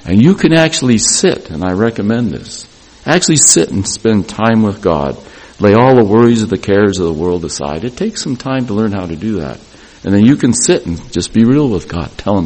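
A man's voice: deep voice, animated, normal speed, a little mellow, slightly rough, low-quality recording. A middle-aged man giving an earnest devotional address to young graduates, repeating phrases for emphasis.

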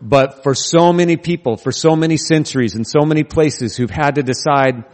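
A man's voice: a little high, normal speed, a little mellow. A male pastor preaching a sermon, telling stories earnestly with touches of humor. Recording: long reverb of a large hall.

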